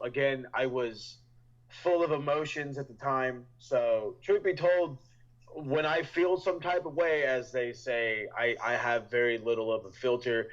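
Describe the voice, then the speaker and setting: A man being interviewed as a podcast guest, speaking frankly and haltingly about himself. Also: mid-range voice, dull audio.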